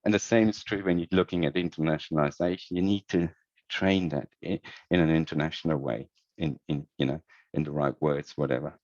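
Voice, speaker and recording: A man with a very deep voice answers interview questions, circling back and repeating words as he thinks aloud. The audio is dull and lo-fi, with a dry, close sound and no room around it. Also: steady tone, fairly quick, darkish tone, no room sound. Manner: thoughtful, many restarts and repeated words. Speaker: guest, head of user experience. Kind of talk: conversational podcast interview.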